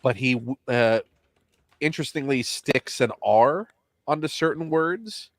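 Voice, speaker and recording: A man's voice: mid-range voice, unhurried, no room sound. Wry, joking American man hosting. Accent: General American. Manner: wry, joking, playfully teasing. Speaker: host. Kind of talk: casual chat.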